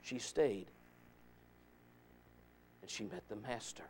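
A male pastor preaching a sermon, swinging between shouting and hushed softness, with stammering restarts. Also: fairly low pitch, slow pace, a little hiss or hum.

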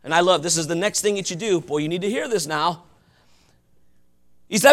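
Fervent high-voiced male preacher. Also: fairly quick, pauses often. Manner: fervent, often shouting, folksy asides. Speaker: pastor. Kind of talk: sermon.

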